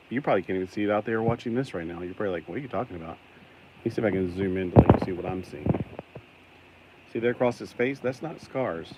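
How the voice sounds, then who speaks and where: A man with a low, deep voice rambles through a casual toy-collecting vlog, talking to the camera as he cleans a grimy figure. He is self-deprecating and keeps voicing disgust. A faint hum of room ambience sits behind him. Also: darkish tone, low-quality recording.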